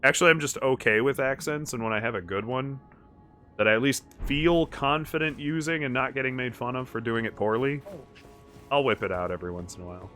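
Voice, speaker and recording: A man gives loud, profane live commentary on a co-op game, swinging from chatting with viewers to shouting at the boss. His voice sits at an ordinary middle pitch. Game music plays under him the whole time. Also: brisk. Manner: excitable, profane, yells at the boss. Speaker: streamer playing co-op.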